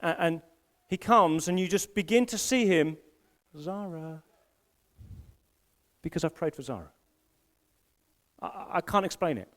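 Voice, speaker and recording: A middle-aged senior pastor preaches live at a church service held in a school hall. His voice is high-pitched and fairly bright, animated at a moderate pace, as he tells stories with self-deprecating humor and restarts often.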